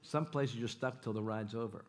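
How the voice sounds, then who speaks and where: A man preaching a church sermon, animated and jokey, often repeating his phrases and questioning the congregation. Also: mid-range voice, normal speed, a crowd in the background. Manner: animated, jokey, repeats himself, audience call-outs. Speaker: guest preacher. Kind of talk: sermon with stories and jokes. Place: church sanctuary.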